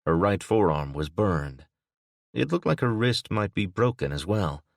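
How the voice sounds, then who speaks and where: A man narrating an audiobook in a steady, even manner. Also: sits low, unhurried, vocal fry, dry recording, clean studio sound. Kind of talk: scripted narration.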